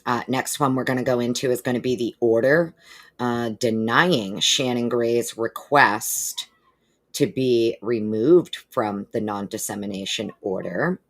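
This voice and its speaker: Woman, live-stream host; casual, animated, swears freely, calls viewers darling. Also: rumbling low, a little slow. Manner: chatty, profane, greets viewers by name; animated, with exaggerated put-on quote voices.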